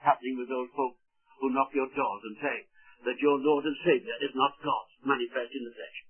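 A man's voice: mid-range voice, fairly even intonation, brisk, breathy edge. A man preaching a sermon to his congregation, rambling and digressive with many restarts. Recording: tinny phone-like old recording.

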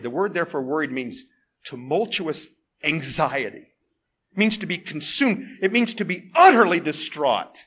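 A man preaching a sermon, asking rhetorical questions and swinging from loud exclamations to hushed tones. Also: fairly high pitch, big pitch swings, moderate pace, husky.

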